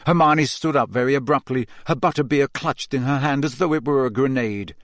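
A man narrating a storybook in an expressive, dramatic reading style. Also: mid-range voice, brisk, few pauses, no echo, clean studio sound. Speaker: audiobook reader.

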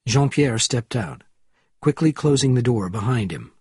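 A man narrating an audiobook chapter in a steady, measured reading. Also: mid-range voice, husky, no room sound, studio quality.

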